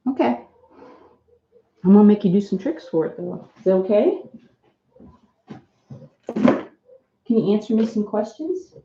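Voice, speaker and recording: A woman's voice: mid-range voice, expressive, a little slow, vocal fry, long pauses, warm tone, a little hiss or hum. A woman on a live stream, coaxing her pet parrot to talk in a sing-song baby-talk voice and chatting to viewers in between. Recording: echoey room, slightly dull live-stream sound.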